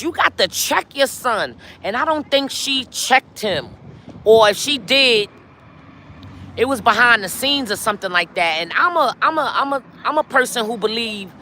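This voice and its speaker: A woman's voice: on the high side, bright, forceful tone, slight background noise. A middle-aged woman hosting a casual live stream outdoors, chatting straight to her viewers. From New York. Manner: chatty, talks straight to viewers with lots of y'all. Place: outdoors on a city street.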